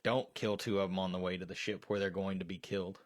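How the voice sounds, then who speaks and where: A man's voice: deep voice, flat delivery, fast talker, no room sound. Rambling man with a dry close sound. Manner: rambling, with many restarts and fillers. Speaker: co-host. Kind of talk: casual movie chat on a live stream. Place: storage shed.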